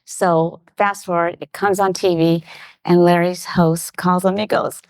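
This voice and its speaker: A middle-aged woman, a guest on a talk show, telling a personal anecdote in lively detail and acting out the voices of the people in it. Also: fairly low pitch, measured pace, smooth, dry recording. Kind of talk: storytelling in a conversation.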